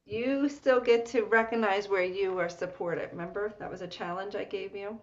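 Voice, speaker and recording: A woman coaches a client in an encouraging way, checking in with frequent questions. Her voice sits at a middle pitch. The recording sounds dull and lo-fi. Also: steady tone, normal speed. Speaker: life coach. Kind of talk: coaching session.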